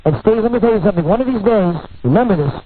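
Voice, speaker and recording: A man's voice: high voice, expressive, very fast, no echo. A male radio talk show host in a studio, teasing and rambling through brash, irreverent banter. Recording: phone-like narrow radio broadcast.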